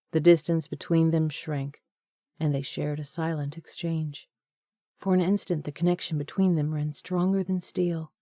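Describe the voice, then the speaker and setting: Brief: woman reading a romance novel aloud, warm dark tone, even pace. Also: low-pitched, creaky, dry recording, clean studio sound. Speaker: audiobook narrator. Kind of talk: scripted audiobook narration.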